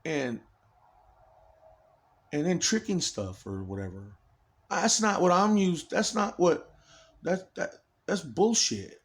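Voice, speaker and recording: A man's voice: high-pitched, very animated, slow pace, pauses often. A man in an agitated, rambling personal monologue, swearing heavily and restarting his sentences often.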